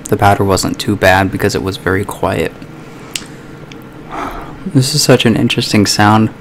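A man with a lowish, gravelly voice chats loosely as a video vlogger running an eating sound challenge. His talk is relaxed and conversational. A faint hiss sits under the recording. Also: moderate pace. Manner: chatty, casual, drops into a mock whisper at times. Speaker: YouTube vlogger. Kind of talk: casual ASMR eating challenge vlog. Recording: faint background noise.

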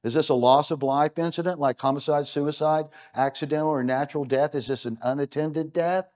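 A man's voice: on the high side, steady tone, a little fast, a little mellow. Emphatic man giving a keynote. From United States. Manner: emphatic, punchy, full of rhetorical questions. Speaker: keynote speaker. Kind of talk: conference keynote. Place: stage at an event.

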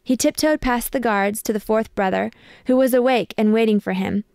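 A woman reading a picture book aloud with measured, expressive storytelling. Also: fairly high pitch, gravelly, dry recording, studio quality. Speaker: storybook reader.

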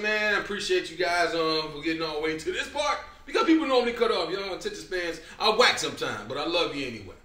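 A young man hosts his comedy show, speaking in with a fairly high voice that swings up and down. He laughs his way through a rambling, profane recap. Nothing about his delivery is stiff. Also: pushed and bright, roomy sound.

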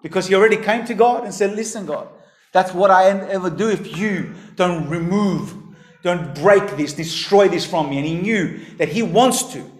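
A high-pitched man preaches a sermon with earnest conviction. His voice climbs to emphatic peaks and falls back to a low, quiet register. The sound is roomy and echoey. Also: moderate pace.

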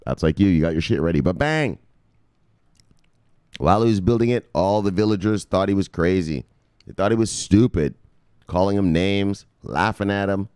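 A man with a very low voice swoops up and down as he preaches a mock sermon about crypto. His delivery is crude and joking, and the dry, close sound leaves no room echo. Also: animated, normal speed, darkish tone, clear, resonant tone. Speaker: crypto video host.

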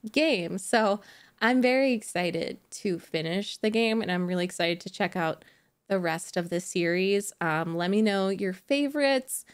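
A woman's voice: on the low side, clear, resonant tone. A young woman casually chatting as she reacts to a game, gushing and enthusiastic with plenty of likes and ums.

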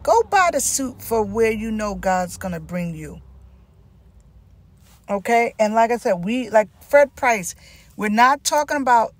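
A woman's voice: on the high side, lively intonation, measured pace, no room sound. A middle-aged woman with a Southern US accent, giving an informal sermon with emphatic repetition. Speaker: Christian teacher.

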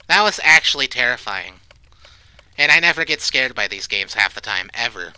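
A man's voice: mid-range voice, very animated, unhurried, pauses often, sharp tone, smooth, no echo. A man commentating a horror game, jumpy, swearing often and shrieking when startled. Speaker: let's play creator.

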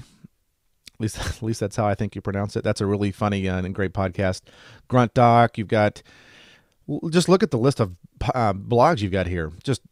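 Chatty, low-voiced male medical educator. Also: darkish tone, no room sound, studio quality. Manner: chatty and enthusiastic, light joking. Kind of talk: casual screen-share lesson.

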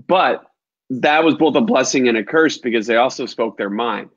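A man's voice: mid-range voice, normal speed, breathy edge. Blunt encouraging man on muffled audio. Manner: blunt, encouraging, swears casually. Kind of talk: conversational interview.

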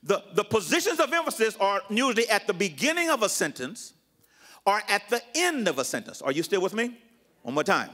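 An older man preaching in a church with a high, lively voice that swings widely in pitch. He teaches slowly, repeats key phrases for emphasis and dips into quiet, low asides to his congregation. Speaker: pastor. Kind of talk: sermon. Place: church sanctuary.

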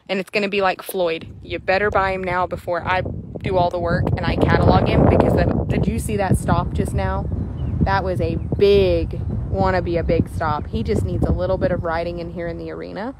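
A woman, chatting excitably to viewers while showing a horse for sale in an arena. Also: lowish voice, fairly quick, noisy background. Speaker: horse seller. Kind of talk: casual sales chat while riding.

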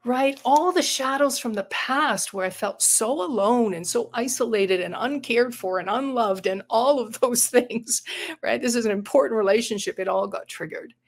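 A woman's voice: fairly high pitch, normal speed. A middle-aged woman, a retired psychotherapist and coach, speaking earnestly and reflectively in an interview, sharing a personal story. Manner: earnest, reflective, repeats words while thinking.

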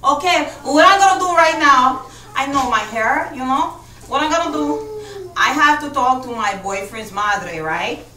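A man's voice: very high-pitched, expressive, unhurried, bright, forceful tone, heavily acted. A performer voicing a chatty, sassy young Puerto Rican woman who teases the children and drops in bits of Spanish, with a Puerto Rican accent. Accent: Puerto Rican Spanish-inflected English. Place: large indoor room at a kids camp. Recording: roomy hall from far off, faint noise.

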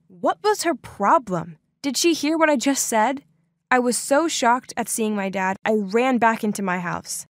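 A young woman narrating an animated first-person story in an earnest, dramatic way. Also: a little high, no room sound, studio quality.

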